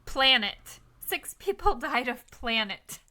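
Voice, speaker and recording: A woman's voice: high-pitched, expressive, takes it slowly, bright, forceful tone. A woman co-hosting a book podcast in casual chat, laughing as she tells things. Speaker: podcast co-host.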